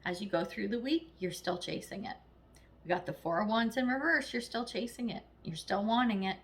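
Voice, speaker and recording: A woman's voice: mid-range voice, a little fast. A woman giving a casual, chatty tarot reading, blunt and encouraging, acting out little quoted voices as she goes. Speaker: tarot reader.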